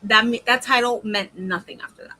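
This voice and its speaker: Bright, emphatic woman co-host. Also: on the high side, a little hiss or hum, low-quality recording. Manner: animated, emphatic, quick to agree. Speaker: podcast co-host. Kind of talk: casual wrestling chat.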